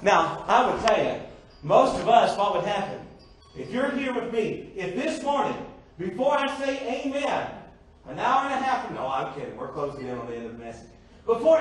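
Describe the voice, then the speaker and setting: A man's voice: high-pitched, slight background noise. A man preaching a sermon to a congregation, asking rhetorical questions and slipping in joking asides. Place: church sanctuary. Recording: echoey church from far off.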